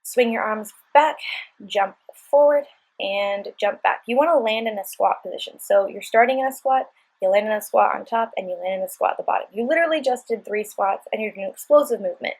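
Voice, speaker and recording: A woman's voice: medium pitch, brisk, breathy edge, rough recording. A woman giving upbeat, chatty, encouraging workout instructions as a voice-over. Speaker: fitness instructor.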